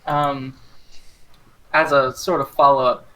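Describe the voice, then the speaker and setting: A man's voice: mid-range voice, little pitch movement, fairly bright tone, low-quality recording. A man playing a tabletop game, talking in a casual, hesitant way with many fillers. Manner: slow, hesitant, filler-heavy. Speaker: player.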